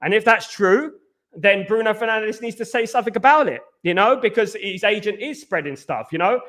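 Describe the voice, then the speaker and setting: Host type: man, out of breath, high bright voice, chatty, keeps saying "absolutely.". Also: animated, brisk. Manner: chatty, repeats "absolutely" and "big up". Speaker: host of a football live stream. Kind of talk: casual live-stream chat reading viewer comments.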